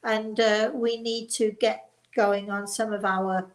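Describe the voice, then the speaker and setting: An older woman with a mid-range voice and a slightly hoarse throat hosts a live call-in show as a medium. She talks casually and warmly encourages her viewers, often joking about herself. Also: medium pitch, little pitch movement, slow pace, rough recording. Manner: chatty, encouraging and self-deprecating. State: hoarse, voice recovering. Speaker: psychic medium and show host. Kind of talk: live online call-in talk.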